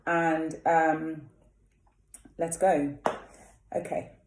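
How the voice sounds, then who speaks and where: A woman singing teacher leading a vocal warm-up, chatting casually and demonstrating lip trills and vowel exercises. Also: low voice, flat delivery, drawn-out words, reverberant.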